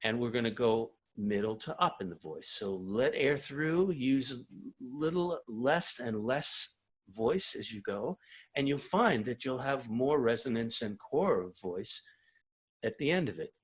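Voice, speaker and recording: Husky male vocal coach, animated. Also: mid-range voice, unhurried. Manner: calm, encouraging instruction. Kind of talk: guiding a singing warm-up.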